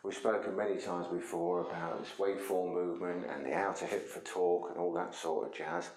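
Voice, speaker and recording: A man's voice: sits low, expressive, brisk, creaky, darkish tone, roomy sound, poor audio. A man teaching a martial arts lesson, explaining things conversationally while he demonstrates moves.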